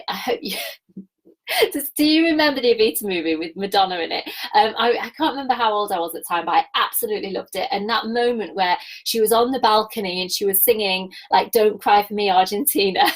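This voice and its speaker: A woman's voice: medium pitch, low-quality recording. A woman in her thirties giving a passionate, chatty business coaching talk and laughing often. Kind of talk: live online coaching talk.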